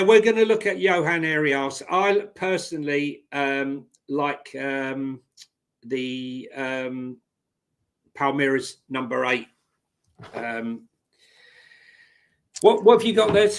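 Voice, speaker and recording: A man's voice: a little high, slow pace, pauses often, a bit bright, clean tone. A man co-hosting a casual live stream, laid-back and jokey, with many ums and uhs. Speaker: co-host.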